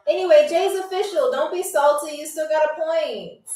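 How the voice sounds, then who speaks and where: High-voiced chatty woman livestream host. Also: normal speed. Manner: chatty, teasing, reads viewer comments aloud. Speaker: game show host on a livestream. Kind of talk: casual live-stream chat. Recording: roomy echo, distant from mic, faint music.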